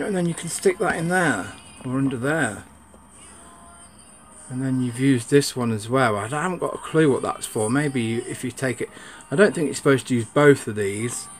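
A man giving a casual, rambling unboxing chat, grumbling and swearing at his camera. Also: medium pitch. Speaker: sneaker vlogger.

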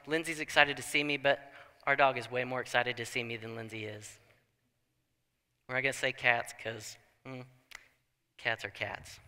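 A young man preaching a sermon in a church, telling the story with animated asides and acting out people's thoughts. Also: medium pitch, smooth. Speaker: pastor. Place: church sanctuary. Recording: long church hall reverb.

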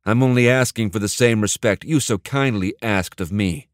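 A man's voice: on the low side, moderate pace, no echo, studio quality, close to an everyday voice. A man narrating an audiobook and voicing a young male Marine officer who turns commanding and barks orders.

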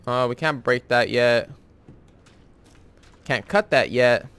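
A young man hosting a horror-game let's play in casual, profane commentary, jumpy and yelling when scared. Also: mid-range voice, slow pace, smooth. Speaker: gamer, let's-play host.

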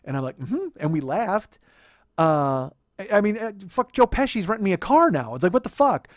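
Animated, swearing fifty-year-old comedian. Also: male voice, high-pitched, fairly quick, no echo, studio quality. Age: 50s. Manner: profane, animated, laughs while telling. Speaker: podcast host. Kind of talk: comedic storytelling monologue.

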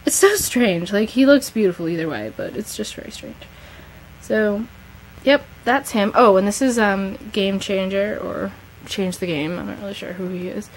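A woman's voice: mid-range voice, normal speed, a little hiss or hum, poor audio. Gushing teen girl touring her collection. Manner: gushing, chatty, talks to her camera. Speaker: model horse collector. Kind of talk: casual collection tour vlog.

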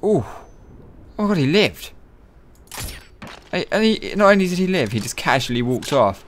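A man giving profane, excitable, joking let's-play commentary. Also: on the high side, moderate pace, slight background noise. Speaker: gaming channel host.

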